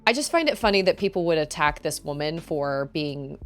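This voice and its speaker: A woman's voice: low-pitched, big pitch swings, brisk, soft background music. A woman streaming a video game, chatting casually with her chat and laughing often. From Texas. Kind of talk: casual chat while gaming.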